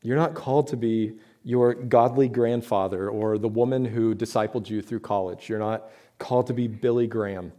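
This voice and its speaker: A man's voice: fairly low pitch, fairly even intonation, normal speed, dark tone. A man preaching a sermon to his church, talking in a conversational way with rhetorical questions and emphatic points. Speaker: pastor.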